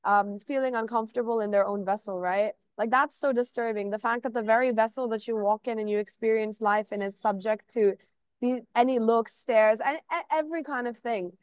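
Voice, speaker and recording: A young woman guest on a podcast, chatting casually and telling animated stories, acting out the quoted lines with lots of "like". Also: a little high, fairly quick, clear, resonant tone, dry recording. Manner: animated storytelling, acts out quotes, frequent "like". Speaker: artist guest.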